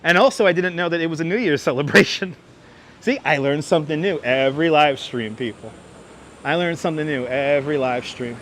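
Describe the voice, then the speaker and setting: A high-voiced man with a Brooklyn accent talks into a wireless clip-on mic while walking city streets. He chats animatedly with his livestream viewers. Traffic hums faintly behind him. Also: fairly quick. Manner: chatty, animated, often thanking viewers by name. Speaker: livestream host.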